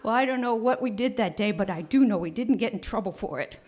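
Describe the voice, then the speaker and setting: A woman telling a childhood story on a small theater stage, animated, with dramatic pauses and hushed asides. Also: on the high side, a little hiss or hum. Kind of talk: live storytelling performance.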